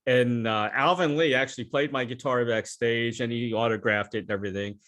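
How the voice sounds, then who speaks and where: An older man hosts a casual interview with a voice of middling pitch. He rambles through anecdotes in a chatty way and laughs at his own stories. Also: fairly even intonation, brisk, fairly bright tone. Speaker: interview host.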